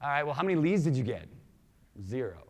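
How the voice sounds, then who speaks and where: A man with an accent mixing Minnesota, Washington and Hawaii gives an energetic keynote talk, quizzing the audience with questions. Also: a little high, fast. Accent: mixed Minnesota, Washington and Hawaii. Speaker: conference speaker. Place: large conference hall. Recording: reverberant conference hall.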